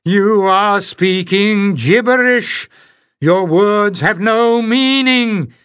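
A man voicing a panicked male piper who shouts and pants his words out slowly. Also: high-pitched, smooth, voice pushed up, exaggerated voice. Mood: frantic shouting. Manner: shouting, panting, drawn-out words.

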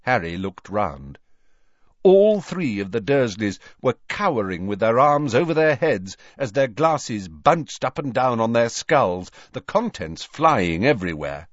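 A man reading an audiobook in an unhurried, expressive way, in a dry, slightly dull recording. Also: mid-range voice, dry recording. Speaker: audiobook narrator. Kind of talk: audiobook narration.

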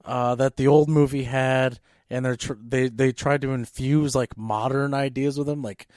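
A man's voice: mid-range voice, moderate pace, no room sound. Ranting podcast guy, dry mic. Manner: animated, exasperated ranting with frequent fillers. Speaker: podcast co-host. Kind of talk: casual movie-rant chat.

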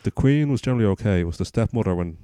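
A man's voice: lowish voice, animated, very fast, mellow, clean tone, dry recording, studio quality. A man cutting in with wry questions during casual chat.

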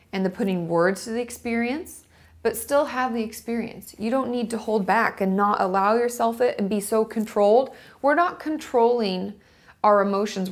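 Chatty woman vlogger with a gravelly edge. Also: medium pitch. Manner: chatty, explains step by step, reads from notes. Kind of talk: casual teaching monologue to camera.

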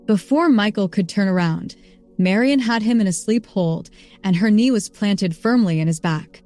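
A woman narrating a story in an even, steady reading voice. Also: medium pitch, normal speed, soft background music. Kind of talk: scripted narration.

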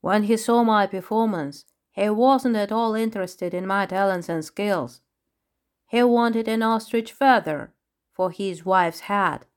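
A woman voicing a spiteful male clown ostrich villain in a storybook, talking slowly and with menace. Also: medium pitch, lightly acted. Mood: wicked, spiteful. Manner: slow, menacing, smirking. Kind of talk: storybook reading.

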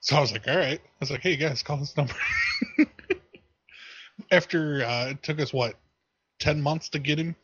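Man, husky voice, profane rambling storyteller, dull lo-fi recording. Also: fairly high pitch, moderate pace, long pauses, fairly bright tone, no echo. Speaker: prank caller recapping calls. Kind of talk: casual chat.

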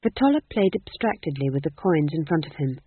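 A man narrating a novel in a dry, even storytelling manner. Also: on the high side, fairly quick, breathy edge, no echo. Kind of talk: audiobook narration. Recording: tinny phone-like dry recording.

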